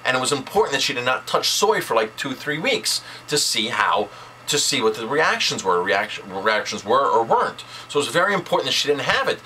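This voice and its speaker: A male chef talks straight to camera in an outraged vlog rant. His voice is bright and forceful, and he stresses his points by repeating words. Faint noise sits under the recording. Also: mid-range voice, very animated, a little fast, rough recording.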